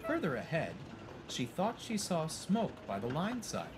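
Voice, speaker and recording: A man giving scripted, expressive storybook narration. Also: on the high side, unhurried, noisy background. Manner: expressive, animated.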